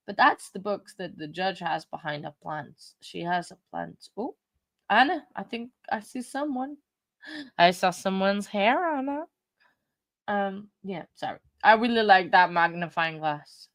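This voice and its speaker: Chatty woman with a lowish voice. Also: a little slow, dry recording. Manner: rambling, reads viewer comments aloud and chats back; chatty and self-deprecating. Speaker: livestream host. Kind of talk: casual livestream chat.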